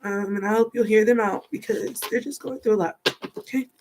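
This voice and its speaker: A woman's voice: medium pitch, fairly quick, very noisy. A woman giving a rambling, chatty tarot card reading, thinking aloud as she goes. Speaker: tarot reader.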